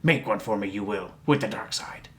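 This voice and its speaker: Casting: a man doing a cryptic old alien Jedi master, slow, riddling word order, low-key. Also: a bit bright, a little hiss or hum, natural voice.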